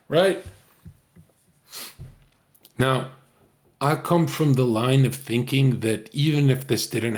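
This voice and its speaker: A man's voice: medium pitch, a little mellow. A man streaming, rambling through casual commentary to his viewers, profane and joking.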